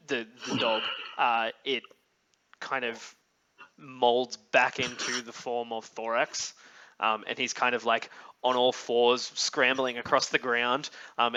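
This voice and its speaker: A man narrating a tabletop game as game master, describing scenes in a halting, thoughtful way with many pauses. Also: mid-range voice, pushed and bright, clean tone, highs cut off.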